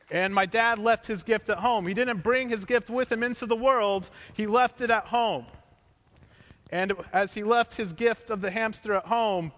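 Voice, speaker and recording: Young guy preaching, high voice, jokey storyteller, long church-hall echo. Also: a bit bright. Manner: conversational, joking storyteller. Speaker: pastor. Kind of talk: sermon with personal story.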